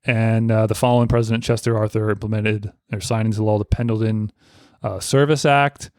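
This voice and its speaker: A man's voice: fairly low pitch, little pitch movement, a little fast, darkish tone, smooth, dry recording, studio quality. A man co-hosting a casual history podcast who reads from notes and laughs between points. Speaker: podcast co-host.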